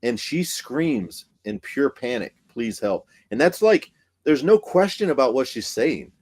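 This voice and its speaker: A man, a paranormal investigator guest telling a story in casual podcast chat, excited and profane, with many fillers. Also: medium pitch, measured pace, breathy edge.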